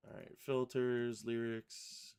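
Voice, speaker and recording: A man hosting a live software tutorial, thinking aloud and correcting himself as he works. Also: medium pitch, completely flat delivery, slow pace, clear, resonant tone. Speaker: software livestream host. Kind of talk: casual live software demo.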